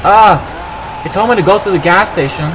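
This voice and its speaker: A man giving profane, excitable let's play commentary, yelping and laughing at the game. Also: high voice, normal speed, noisy background. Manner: profane, excitable, yelps and laughs while playing. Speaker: gaming channel host.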